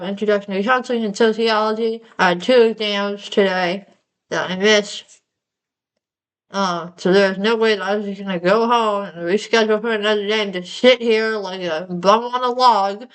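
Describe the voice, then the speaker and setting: A young woman talks to camera in a loose, rambling way, her mouth numb after dental surgery. Her voice sits a little high, and she pokes fun at herself as she goes. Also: a bit bright, poor audio. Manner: rambling, self-mocking, breaks into laughs. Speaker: vlogger. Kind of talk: casual vlog monologue.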